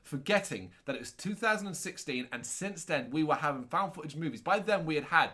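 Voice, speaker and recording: A man with a somewhat high voice co-hosts a relaxed film discussion. He rants and mocks, swears freely, and keeps stopping to correct himself. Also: brisk. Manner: ranting, sarcastic, swears, trails off and corrects himself. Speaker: co-host reviewing a film. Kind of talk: casual chat.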